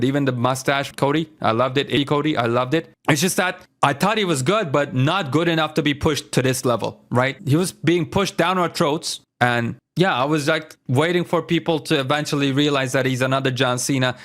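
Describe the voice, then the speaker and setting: A man's voice: medium pitch, a bit bright. A man on his own channel giving a casual, exasperated opinion rant about a wrestling show, with lots of fillers and rhetorical questions. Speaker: wrestling commentary YouTuber.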